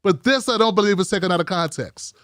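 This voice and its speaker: A man's voice: high-pitched, lively intonation, fast talker, a bit bright, no room sound, studio quality. A man hosting a live show, ranting heatedly and swearing constantly. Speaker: host. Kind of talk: ranting live-stream commentary.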